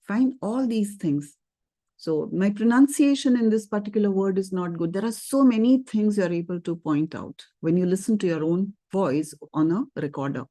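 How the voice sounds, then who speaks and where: Warm-toned woman teaching an online class. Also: mid-range voice, moderate pace, no echo. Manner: conversational, lively intonation with frequent fillers and "okay". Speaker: IELTS speaking teacher. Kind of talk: webinar lesson.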